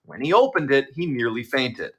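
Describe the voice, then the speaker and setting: A man's voice: mid-range voice, sing-song, moderate pace, slightly rough. A man narrating short scary stories in a scripted, dramatic storytelling style.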